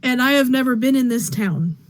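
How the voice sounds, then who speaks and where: A woman's voice: sits high, animated, brisk, slight background noise. A woman player at a tabletop game, chatty and joking in character.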